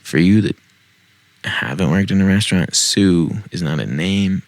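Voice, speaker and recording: Speaking at a moderate pace in a deep voice, a man reads online posts aloud for his podcast from his home basement. It's casual storytelling sprinkled with self-mocking jokes, and the recording is dry.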